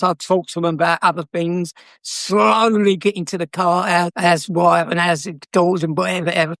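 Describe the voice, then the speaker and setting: A man's voice: high voice, a bit bright, no echo, studio quality. An older man with a South London accent, a former car dealer telling stories in a chatty, cheeky way with frequent laughs. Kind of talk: anecdotal storytelling.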